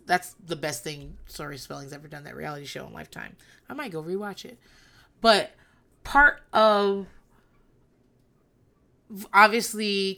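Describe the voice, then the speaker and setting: Brief: woman, 30s, solo podcast host, low-set but bright and forceful voice, profane and rambling. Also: clean tone. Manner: blunt, profane, rambling storytelling. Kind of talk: candid solo monologue.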